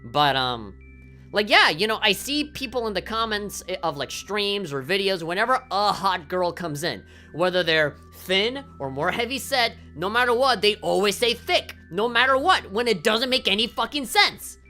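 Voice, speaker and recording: A woman's voice: mid-range voice, big pitch swings, normal speed, sharp tone, soft background music. A woman game streamer ranting on a livestream, swearing often and heated, with lots of fillers.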